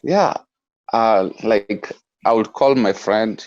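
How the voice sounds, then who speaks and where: A man from Kenya talking in a casual chat, soft-spoken and a little hesitant. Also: on the low side, slow, no echo, muffled recording.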